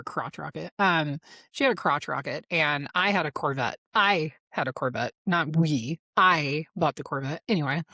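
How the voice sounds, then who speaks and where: A woman's voice: low voice, fairly bright tone, no room sound, clean studio sound. A woman in her forties hosting a solo podcast, talking bluntly and profanely, with frequent laughter. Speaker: podcast host. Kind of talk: candid solo podcast monologue.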